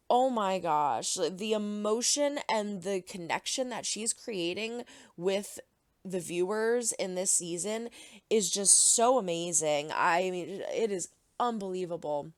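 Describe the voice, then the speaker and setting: A woman giving casual, heartfelt reaction commentary on a TV episode. Her voice sits at an ordinary mid pitch, and the recording is dry and close with no room echo. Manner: earnest, emotional. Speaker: reaction video host.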